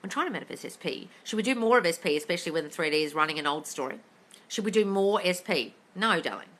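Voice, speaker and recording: A woman's voice: fairly low pitch, animated, quick pace, a bit bright. A woman coaching listeners in a casual live-stream Q&A, blunt and sweary, calling everyone darling. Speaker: manifestation coach answering live questions. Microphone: phone.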